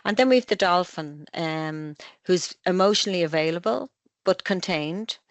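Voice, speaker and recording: A middle-aged Irish woman, a family psychotherapist, calmly explaining parenting ideas with analogies in an online webinar. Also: lowish voice, no room sound. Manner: calm, measured explaining with analogies.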